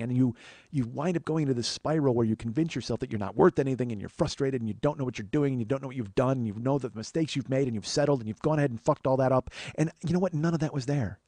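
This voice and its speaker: A man's voice: fast, warm tone, no room sound. A man hosting his own podcast, telling a personal story and speaking earnestly to his listeners, with plenty of swearing. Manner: profane, earnest, confessional; acts out quoted voices in a higher pitch. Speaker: podcast host. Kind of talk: solo storytelling monologue.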